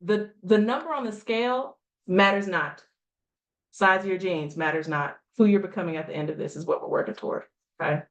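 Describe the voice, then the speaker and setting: A woman's voice: medium pitch, brisk. A woman gives a motivational coaching talk to a group. She speaks emphatically, asks rhetorical questions and repeats short lines for effect. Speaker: health coach.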